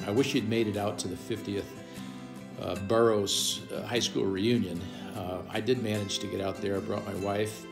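A man in his sixties gives a casual, rambling birthday greeting with many ums and pauses. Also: lowish voice. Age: 60s. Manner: rambling, hesitant, with many fillers. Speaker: old neighbor sending a birthday message.

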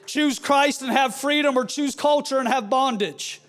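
A male pastor delivering a fiery sermon with forceful, shouted refrains. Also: extremely high pitch, moderate pace.

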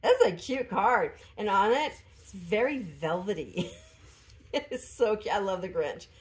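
A woman vlogger chatting casually at home while unboxing a gift, pausing and laughing softly, still recovering from an illness. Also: mid-range voice, expressive. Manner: chatty, hesitant, frequent small laughs. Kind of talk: casual chat.

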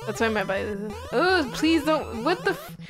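A woman's voice: a little high, sing-song, moderate pace. Chatty teasing woman watching gameplay. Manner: teasing, chatty, laughs easily. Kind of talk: casual gameplay commentary. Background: game music.

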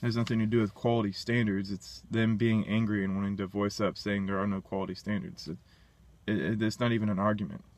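A man's voice: on the low side, flat delivery, quick pace, a little mellow. A man talking alone in a casual monologue, blunt and dismissive, thinking aloud and restarting his sentences. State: burping. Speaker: independent science commentator.

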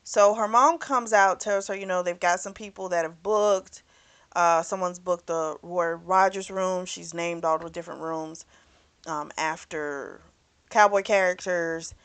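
A woman's voice: fairly low pitch, fairly even intonation, unhurried, a bit bright. Chatty woman recapping a novel. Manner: chatty storytelling, acting out the characters' lines with "she's like"; swears freely. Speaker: book club host. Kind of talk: casual plot recap of a novel.

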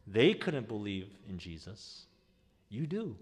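A man preaching a sermon as pastor, in a conversational, animated way. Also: on the low side, normal speed, in a large hall. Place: church sanctuary.

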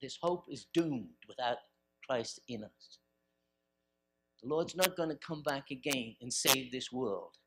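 A man delivers a church sermon, his voice sitting at an ordinary middle pitch. He builds to forceful, emphatic peaks and then drops into quieter, intimate passages. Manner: emphatic preaching with rising bursts and quiet stretches. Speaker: pastor. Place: church service.

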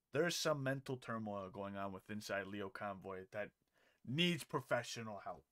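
A man's voice: mid-range voice, fairly bright tone. A young man reacting to clips, profane and incredulous, laughing in disbelief as he rants. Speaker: commentary streamer. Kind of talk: reaction commentary.

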